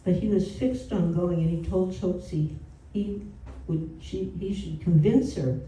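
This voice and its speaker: At a devotional program held in someone's home, a woman with a low, warm voice tells stories conversationally and a little slowly, often dropping "you know" asides. She's picked up from a distance, so the indoor gathering room sounds roomy.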